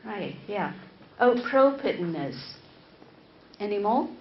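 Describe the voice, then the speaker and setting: A woman professor and English teacher-educator, whose first language is Chinese, lectures a class of teachers in a lecture room, speaking slowly and deliberately with a medium pitch and a very animated delivery. She often repeats words, checks in with "right?", and engages the audience. The echoey recording sounds slightly dull, with faint noise.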